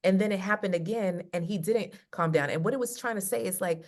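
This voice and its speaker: Over a video call, a woman love coach chats casually and tells stories in an animated way, acting out the quotes. She speaks at a medium pitch, a little fast.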